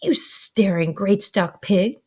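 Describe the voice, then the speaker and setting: A harsh, shrieking older sister scolds at the top of her lungs, put on by a woman reading a novel aloud. Her voice jumps high and loud and sounds a bit distant from the mic. There is a gravelly, husky grain under the shouting. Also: very animated, a little slow, full character voice. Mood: shrill scolding. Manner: shrill, shouting, sharp.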